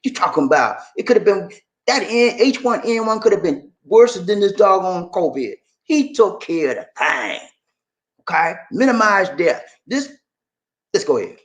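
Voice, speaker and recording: A chatty livestream host reads comments aloud and says hello to viewers, animated and emphatic, with frequent repeated phrases. His voice sits high, at a normal speed.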